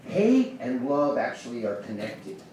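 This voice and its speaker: A man's voice: medium pitch, big pitch swings, measured pace, warm tone. A man doing a rambling stand-up set, swinging between mumbling and ranting, recorded from far off in a small club. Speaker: stand-up comedian. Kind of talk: open-mic stand-up set. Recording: echoey club from far off, noisy.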